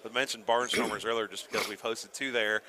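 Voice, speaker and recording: A man's voice: on the low side, fairly even intonation, bright, forceful tone, a little hiss or hum. A man hosting a casual interview at a convention, prompting the guest with short encouraging replies. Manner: encouraging, quick short affirmations. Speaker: podcast host. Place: convention floor.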